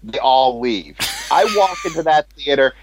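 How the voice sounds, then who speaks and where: A man's voice: medium pitch, expressive, normal speed, noisy background. A man telling a profane story in casual talk, laughing at his own jokes. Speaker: storyteller, former cinema manager. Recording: dull lo-fi sound.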